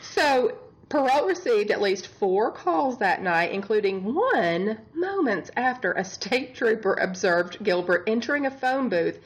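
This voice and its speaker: Very animated but measured in pace, this woman's voice sits on the high side. She's a bedside nurse co-hosting a chatty true-crime show, recounting the case with exasperation, humor and plenty of laughter.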